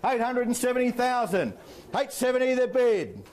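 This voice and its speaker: An Australian man working as an auctioneer, calling bids in a rapid rhythmic patter with playful banter to the bidders. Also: very high voice, very animated, a little mellow. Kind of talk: live property auction calling.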